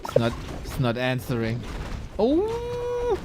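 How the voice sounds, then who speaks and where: An esports caster with a voice on the high side calls a live match in an unhurried, sing-song way over a noisy background. Playful and chatty, he talks to his chat and calls out at the screen during the game commentary.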